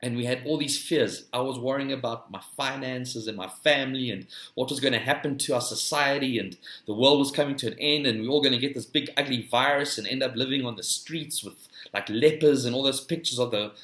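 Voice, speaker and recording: A man's voice: medium pitch, brisk, fairly bright tone, reverberant. South African man rambling on his podcast. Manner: rambling, addresses listeners as "guys", tags "eh?". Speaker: podcast host. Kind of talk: casual monologue.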